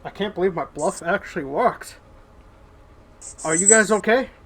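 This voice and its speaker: A man's voice: high voice, moderate pace. A man voicing a male captain and ally who is concerned for the group and fumbles over names. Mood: relieved.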